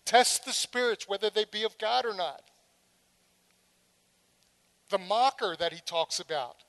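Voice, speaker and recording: A woman's voice: medium pitch, measured pace. A middle-aged woman preaching a sermon, telling stories dramatically and slipping in humorous asides.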